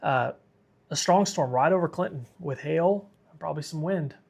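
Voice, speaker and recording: A man's voice: fairly high pitch, moderate pace, vocal fry, a little mellow. A man hosting a live severe weather stream, tired and sick, talking casually and reading viewer comments aloud. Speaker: weather livestream host.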